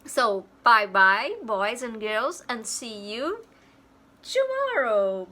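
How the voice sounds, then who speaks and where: High, animated woman teaching children. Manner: slow, exaggerated, imitates animal sounds. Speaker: English teacher for young children. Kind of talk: online lesson for children.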